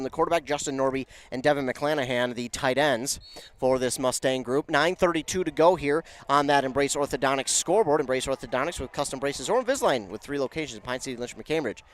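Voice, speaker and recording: A man calling a local high school football game, chatty and self-correcting, rising in pitch and volume on big plays. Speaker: play-by-play announcer. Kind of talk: local football play-by-play commentary.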